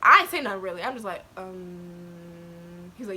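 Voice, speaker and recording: A young woman vlogger with a mid-range voice tells a personal story casually at normal speed, a little hiss or hum in the background. Animated and often laughing, she swings at times into near-crying.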